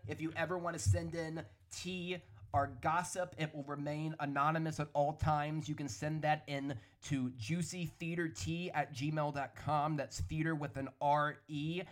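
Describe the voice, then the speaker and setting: A man hosting a solo podcast, ranting in an animated, opinionated way with a hoarse, worn-out voice. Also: a little high, a little slow. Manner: animated, opinionated, hedging with "allegedly". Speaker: podcast host. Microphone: studio podcast microphone.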